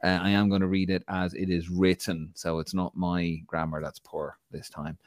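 A chatty Irish man co-hosting a football podcast, with a very deep voice. The sound is dry and close, with no room around it. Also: little pitch movement, normal speed, dry recording. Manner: chatty, reads viewer comments aloud. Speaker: podcast co-host. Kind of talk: casual football chat.

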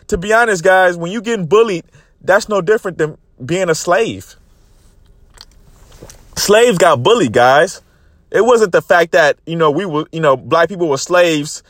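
Young man, raised pitch, heated and profane, talking straight into a phone, dry close sound. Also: fairly bright tone, dry recording. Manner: profane, fired-up, repeatedly addresses "guys". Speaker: vlogger. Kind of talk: passionate storytelling monologue.

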